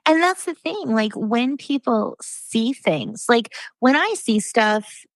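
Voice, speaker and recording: A woman's voice: fairly high pitch, animated, slow, no room sound, low-quality recording. A woman guest on a podcast in casual chat, talking in an earnest, thoughtful way with a lot of "like". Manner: earnest, thoughtful, many fillers like "like".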